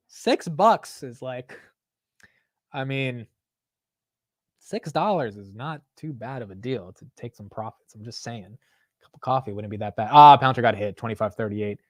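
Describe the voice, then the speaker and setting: A man's voice: medium pitch, expressive, normal speed, no echo, studio quality. A young man hosting a casual stock market livestream, chatting loosely, swearing and laughing at himself while reading chat aloud.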